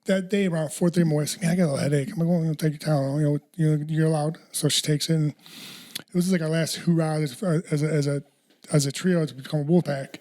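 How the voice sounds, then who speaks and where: Fast-talking man telling a story. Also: fairly high pitch, fairly even intonation, mellow. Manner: rapid, rambling storytelling with frequent restarts and swearing. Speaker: podcast host. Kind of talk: casual podcast chat.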